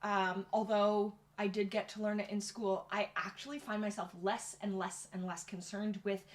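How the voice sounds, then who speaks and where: A woman's voice: mid-range voice, level tone, moderate pace. A woman youth pastor speaking as a guest in a casual interview, thoughtful and reflective.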